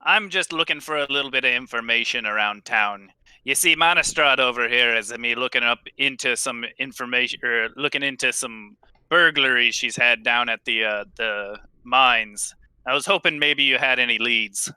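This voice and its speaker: A friendly, ingratiating adventurer makes easy tavern talk, as a man voices him in a tabletop game. His voice is very bright and smooth, recorded close and dry. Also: mid-range voice, moderate pace, no echo, poor audio.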